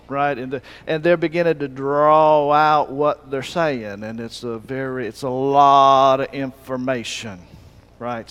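Folksy Alabama preacher, high-ish voice. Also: male voice, measured pace, clean tone. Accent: Alabama Southern. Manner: folksy, joking, loose and rambling. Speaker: pastor. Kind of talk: sermon with humor.

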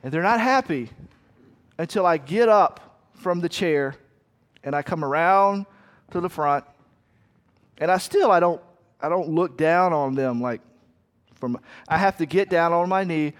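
A middle-aged man delivers a sermon in a loose, conversational way, turning to the congregation with asides and little acted quotes. His voice sits fairly high for a man. The sound rings with a long reverb, like a large hall. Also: unhurried, long pauses. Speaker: pastor.

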